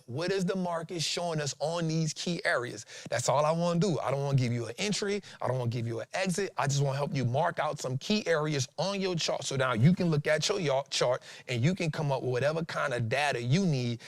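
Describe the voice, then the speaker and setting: Animated fortysomething man host, dry sound. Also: fairly high pitch, dry recording. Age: 40s. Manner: animated, emphatic, repeats lines for effect, slangy. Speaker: stock trading show host. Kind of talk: casual trading talk and chart breakdown.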